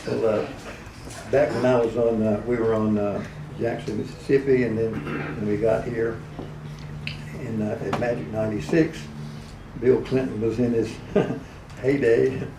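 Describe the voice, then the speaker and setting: This man's voice has a medium pitch, fairly even intonation and a slightly slow delivery. He's a radio personality spinning folksy, chuckling anecdotes in an event hall, occasionally putting on character voices, captured from far off in an echoey room with background noise.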